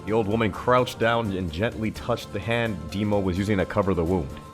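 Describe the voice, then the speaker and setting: Low-voiced male streamer narrating a novel; casual reader, self-corrects on hard words, soft music bed. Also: fairly quick. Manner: occasional stumbles and self-corrections. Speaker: streamer reading a novel aloud. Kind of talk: dramatic book reading on stream.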